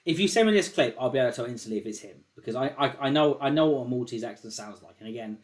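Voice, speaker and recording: A man hosting a call-in show in loose, casual chat. He rambles, curses freely and repeats phrases as he works through a point. His voice sits at an ordinary middle pitch. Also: expressive, racing. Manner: rambling, swears often, repeats himself. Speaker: show host.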